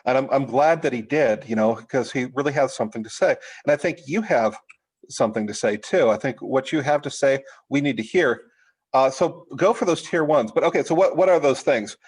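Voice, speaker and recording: Middle-aged guy teaching a writing class, stops and restarts a lot, lots of uhs, normal pitch. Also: darkish tone, husky, low-quality recording. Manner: halting, many restarts and fillers. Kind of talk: informal workshop talk.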